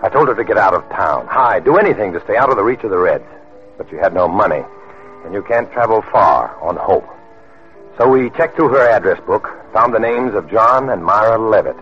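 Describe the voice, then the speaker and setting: A man's voice: fairly low pitch, lively intonation, soft background music, natural voice. A man playing a wry undercover agent. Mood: narrating. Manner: brisk, earnest storytelling. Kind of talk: 1950s radio drama narration and acting. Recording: dull lo-fi old radio recording.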